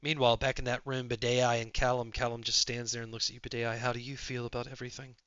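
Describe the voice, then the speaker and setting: A man narrating a tabletop game as game master with quick, low-key descriptions. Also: level tone, fairly bright tone, clear, resonant tone, no echo, lo-fi sound.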